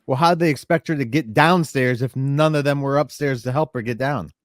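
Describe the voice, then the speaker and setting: A man's voice: mid-range voice, fairly quick, dry recording, studio quality. A man co-hosting a podcast in casual recap chat, making wry, skeptical asides. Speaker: podcast co-host.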